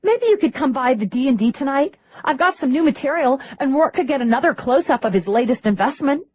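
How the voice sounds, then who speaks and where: A woman's voice: sits high, dry recording, voice pushed up. A woman doing a bubbly brash young hustler. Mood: brash, upbeat. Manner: excited, brash, quick. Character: bubbly young female ex-grifter performer, brash.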